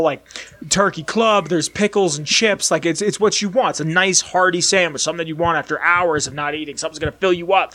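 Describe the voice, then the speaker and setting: A young man co-hosting a casual chat, telling a long story with excited, rambling energy and acting out the voices in it. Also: on the high side. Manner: excitable, rambling, acts out voices in his stories. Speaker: podcast co-host.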